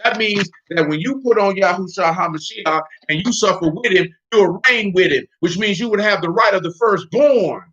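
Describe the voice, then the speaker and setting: A man preaching a sermon, animated and emphatic, with loose street talk. His voice sits a bit high for a man, and the recording is dull and lo-fi. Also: normal speed, few pauses. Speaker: preacher teaching scripture.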